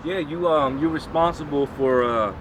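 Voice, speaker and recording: A man's voice: on the high side, normal speed. A man teaching on the street in an emphatic, slangy, mocking manner. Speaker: street preacher. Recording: outdoor recording with loud traffic noise.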